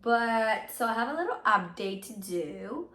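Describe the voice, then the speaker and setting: A woman co-hosting a podcast in casual chat, still sick with a hoarse voice, rambling with many fillers. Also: a little high, big pitch swings, measured pace, a bit bright, roomy sound. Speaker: podcast co-host.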